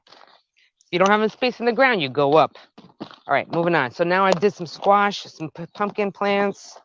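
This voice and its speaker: Chatty North Jersey woman, lively voice. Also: low-pitched, dry recording, dull audio. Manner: chatty, excitable, talks to viewers. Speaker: gardening vlogger, live stream host. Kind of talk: casual live-stream chat while gardening. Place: outdoor backyard garden.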